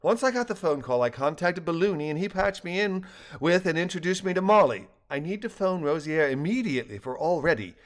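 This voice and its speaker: An older man voicing a calm, polite woman coordinating a phone call in a read-aloud story. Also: a little high, a little fast, voice pushed up, close to an everyday voice.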